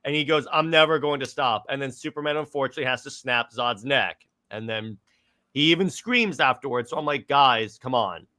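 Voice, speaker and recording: A man's voice: medium pitch, brisk, sharp tone. A man hosting a casual movie discussion, eagerly recapping scenes and often stumbling over his words as he restarts. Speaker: podcast host.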